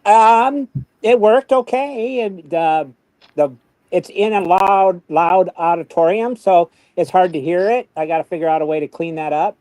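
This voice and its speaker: A man with a fairly high voice co-hosts a casual livestream, teasing and stop-start as he talks. His voice is close and dry. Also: a little mellow, no room sound. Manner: teasing, halting with restarts.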